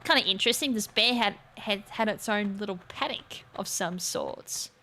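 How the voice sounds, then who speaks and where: A woman with a mid-range, sharp-toned voice talks at a normal pace over a faint hiss or hum. She hosts a gaming channel, chatting casually as she plays, thinking out loud, teasing herself over her mistakes and letting out sudden exclamations in relaxed let's-play commentary.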